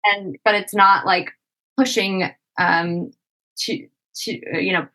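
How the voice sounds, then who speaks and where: Bright-voiced woman musing on a podcast. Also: medium pitch, fairly even intonation, takes it slowly, low-quality recording. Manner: reflective, frequent "like" and "you know". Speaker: podcast guest. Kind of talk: casual conversational interview.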